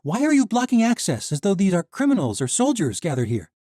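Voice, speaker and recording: A man's voice: sits high, huge pitch swings, brisk, warm tone, no room sound, studio quality, voice pushed up. A man voicing a bold, determined young heroine who speaks with defiance. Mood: defiant.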